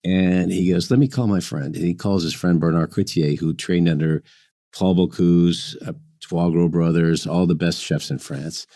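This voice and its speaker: A deep, mellow-toned man spinning an easygoing tale with a chuckle here and there. He talks like a chef guest on a chat show and keeps restarting his thoughts. His voice comes through dry and close. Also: fairly even intonation, moderate pace, dry recording. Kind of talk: anecdotal storytelling in conversation.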